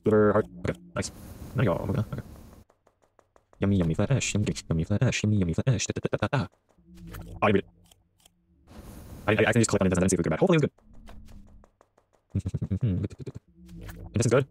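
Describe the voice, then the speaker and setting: A man's voice: lowish voice, a little hiss or hum. A man giving casual let's-play commentary, joking, swearing freely and chatting to the game characters. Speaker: gaming streamer.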